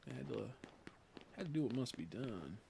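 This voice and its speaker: A man's voice: mid-range voice, sing-song, normal speed, creaky, background noise. A young man streaming a game, chatting casually, rambling, giggling often and swearing freely. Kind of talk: casual livestream chat while gaming.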